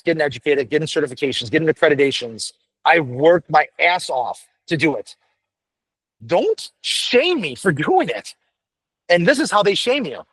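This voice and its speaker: Captured on a dry recording, this man's voice is on the high side with a fairly bright tone. A firefighter paramedic from the US, he's a guest on a casual podcast interview, speaking bluntly and profanely and rambling with many restarts.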